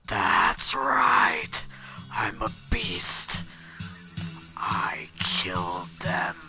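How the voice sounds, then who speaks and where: A paranoid, menacing beast of a man, voiced by a woman reading a game aloud, whispering slowly and deep as whispered role-play. Each word is dragged out and hushed. Soft music sits underneath. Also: fairly even intonation, gravelly, exaggerated voice. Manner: slow, low whisper.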